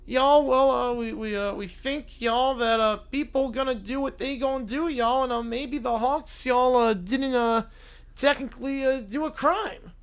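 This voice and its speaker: A man's voice: extremely high pitch, measured pace, smooth. A man voicing a bumbling, apologetic male defense lawyer with a put-on Southern drawl, stammering and hesitant, in a comic courtroom role-play. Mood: flustered. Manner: stammering, hesitant, full of fillers.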